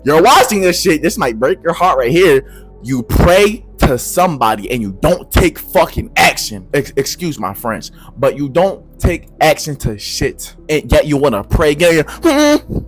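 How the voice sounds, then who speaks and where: A young man giving a profane, slangy advice rant to camera, swinging between low mutters and loud shouts. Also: expressive, moderate pace, soft background music. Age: young adult. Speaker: vlogger.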